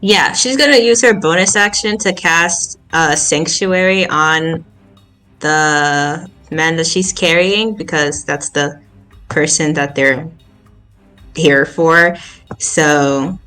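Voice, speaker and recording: A woman playing a tabletop game, slow and halting as she thinks aloud. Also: deep voice, pushed and bright, faint music behind. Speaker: player. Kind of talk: casual tabletop play.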